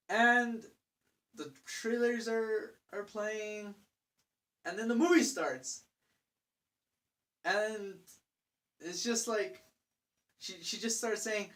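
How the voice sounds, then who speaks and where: A young adult vlogger rants about a bad night out in a loose, casual storytelling voice. The delivery is exasperated and profane, full of fillers and restarts, with pitch sitting in the middle of the range. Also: fairly bright tone.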